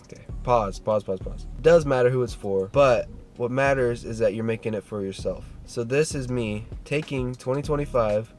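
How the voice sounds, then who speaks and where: A man's voice: medium pitch, moderate pace, hardly any pauses, a little mellow, faint music behind. A man in his twenties giving an earnest motivational vlog talk, addressing the viewer directly, swearing casually and saying "dude.". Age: 20s. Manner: earnest, gets worked up and pep-talks the viewer. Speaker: vlogger.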